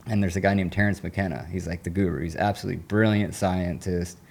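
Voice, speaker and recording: A man guesting on an interview podcast as a recovery coach, his voice low and mellow. He talks in an earnest, rambling way, dropping casual slang as he tells a personal story. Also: fairly even intonation, fast talker, creaky, breathy edge.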